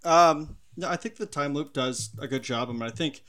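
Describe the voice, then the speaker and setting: A man's voice: fairly high pitch, moderate pace, a bit bright. A man co-hosting a podcast, retelling his favorite scenes from a film in a casual chat. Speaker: podcast co-host. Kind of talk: casual movie discussion.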